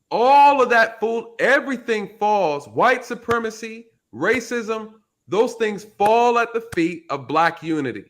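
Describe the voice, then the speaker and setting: A man's voice: very high-pitched, a bit bright. A man who is a retired police officer, hosting a casual commentary show, emphatic and repeating his key points.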